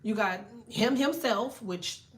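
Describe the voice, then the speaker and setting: Brief: brash woman tarot streamer, fairly high voice, swears constantly, animated and laughing. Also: takes it slowly. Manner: profane, animated, laughing, reads chat aloud. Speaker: tarot reader. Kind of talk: live tarot stream chat.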